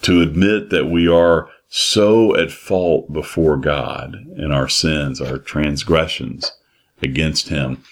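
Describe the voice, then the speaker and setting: A man preaching a sermon in a slow, emphatic way, repeating his phrases. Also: rumbling low, fairly even intonation.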